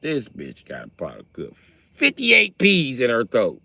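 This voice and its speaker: A man tells wild comic stories on a livestream. His voice is bright and forceful, swings widely in pitch, and jumps into high shouted character voices. He sounds loose and animated. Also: normal speed, breathy edge, no echo. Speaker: livestream host. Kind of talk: comedic storytelling on a livestream.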